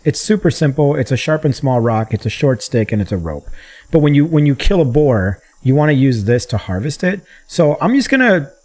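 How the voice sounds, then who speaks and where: A man casually talking through his gameplay as a gaming channel host, chatty and rambling, getting excited at times. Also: medium pitch.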